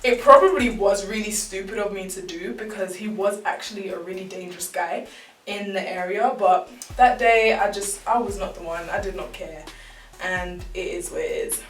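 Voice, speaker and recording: A young woman telling a casual, animated storytime full of slang. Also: mid-range voice, normal speed. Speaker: vlogger. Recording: roomy, distant mic, faint background music.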